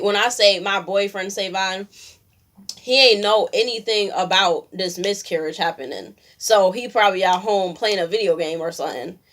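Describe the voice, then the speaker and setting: A woman's voice: medium pitch, a bit bright. A young woman telling a personal story in a candid, slangy way, acting out what people said. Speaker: vlogger. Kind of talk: casual storytime.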